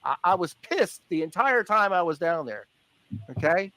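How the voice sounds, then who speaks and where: A man with a fairly high voice talks in an animated, emphatic way. The recording is dry and close. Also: normal speed, dry recording.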